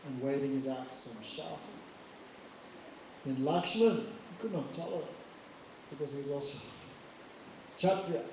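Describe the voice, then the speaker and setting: A man preaching in an animated way, retelling scripture stories and laughing at his own jokes. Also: mid-range voice, normal speed, pauses often. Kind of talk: devotional storytelling sermon. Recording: echoey hall, mic far off, faint noise.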